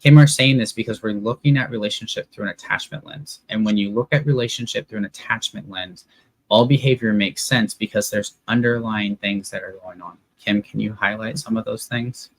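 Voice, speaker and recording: Man, co-host, low husky voice, earnest, explains and asks follow-ups. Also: steady tone, fairly quick, rough recording. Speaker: relationship coach, co-host. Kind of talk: live Q&A discussion.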